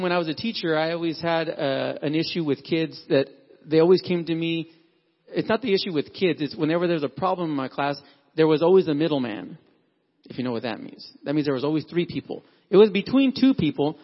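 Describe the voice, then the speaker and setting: A man's voice: on the high side, animated, brisk. A middle-aged man preaching a sermon, telling personal stories in a conversational way and acting out what people said. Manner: conversational storytelling, acts out quotes. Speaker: pastor. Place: church hall. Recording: dull recording in a reverberant hall.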